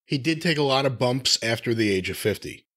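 A man's voice: mid-range voice, animated, brisk, a bit bright. A man co-hosting a podcast in casual chat, wry and asking pointed questions. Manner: wry, asks questions, mimics voices. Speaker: podcast co-host.

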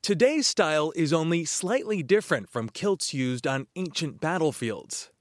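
A man narrating a news feature in a measured scripted voice-over. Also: a little high, animated, no room sound, clean studio sound. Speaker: news reporter.

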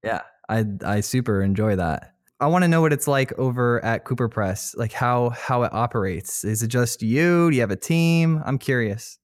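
A man hosting a casual podcast interview, chatty and quick to laugh. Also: medium pitch, no room sound, studio quality. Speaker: podcast host.

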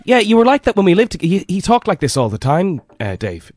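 A man's voice: high-pitched, wildly swooping pitch, quick pace, noisy background. A man playing a pompous, fussy Irish self-styled hard man in improvised comedy, with an Irish accent. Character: self-proclaimed hardest man in Ireland, pompous.

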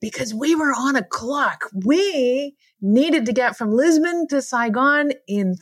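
A woman's voice: sits high, animated, slow pace, breathy edge, no room sound. A woman, a podcast guest, telling a travel story emphatically, drawing out key words.

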